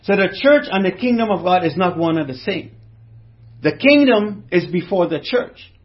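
High-voiced man preaching a sermon. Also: expressive, moderate pace, muffled recording. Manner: preaching with rhetorical questions to the congregation. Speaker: pastor.

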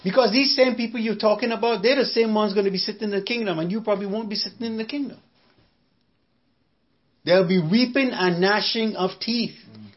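High-voiced man preaching emphatically. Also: a little fast, dull audio. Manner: emphatic, repeats phrases, rhetorical questions. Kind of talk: sermon.

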